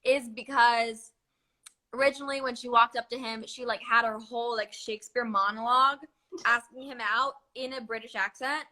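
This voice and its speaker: Bright-voiced young actress chatting. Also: female voice, on the high side, steady tone, moderate pace. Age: young adult. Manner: chatty, lots of "like" and "um", laughs often. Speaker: actress guest. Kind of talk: casual interview chat.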